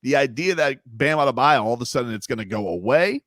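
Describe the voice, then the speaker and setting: Animated male sports radio host. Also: medium pitch, quick pace, no echo, studio quality. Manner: animated, rambling, emphatic. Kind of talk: sports talk radio banter. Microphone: studio mic.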